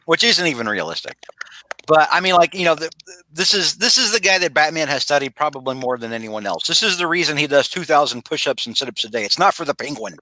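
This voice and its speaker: A man's voice: fairly high pitch, expressive, fast talker, bright, forceful tone, no room sound. Rambling man recapping comics. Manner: rambling, many fillers and restarts. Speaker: podcast host. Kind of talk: casual comic-book recap. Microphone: video call.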